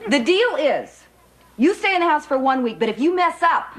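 A firm, exasperated sitcom mom, high and lively, with a laughing studio crowd behind her. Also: moderate pace. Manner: stern, clipped, dry ultimatums. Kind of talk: 1980s sitcom acting. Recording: studio audience laughter, noisy.

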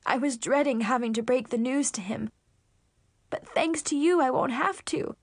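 A woman's voice: sits high, normal speed. A woman doing a gushing older shelter lady. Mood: grateful. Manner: gushing, grateful, tearful. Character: kindly older woman running an animal shelter, emotional.

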